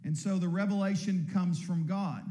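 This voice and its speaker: A man preaching a sermon, earnest and emphatic, often repeating words and slowing to stress key points. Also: high-pitched, fairly even intonation, dark tone, roomy sound. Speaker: pastor.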